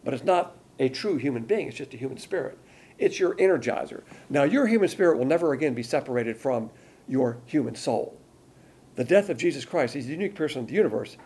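Gravelly older man preaching. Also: mid-range voice, darkish tone. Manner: conversational preaching with rhetorical questions. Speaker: Bible teacher. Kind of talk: sermon.

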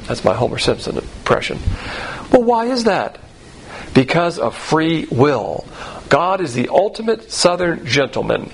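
A man with a slightly high, gravelly voice teaches the Bible verse by verse in a blunt, folksy style, heavy on rhetorical questions. He acts out the voices of those he quotes, and the low-quality recording carries a slight hiss or hum.

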